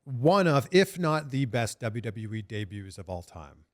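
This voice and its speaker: A man's voice: mid-range voice, very animated, a little slow. A man from Canada hosting an interview, reading an ad and asking questions in an enthusiastic, upbeat way. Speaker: podcast host.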